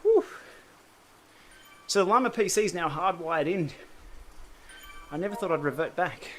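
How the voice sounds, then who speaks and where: A man's voice: high voice, animated, moderate pace, soft background music. Chatty Australian man riding and talking. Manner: chatty, reads out and answers viewer comments while riding. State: talking while pedaling on an indoor trainer. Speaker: cycling channel host. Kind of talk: casual livestream chat.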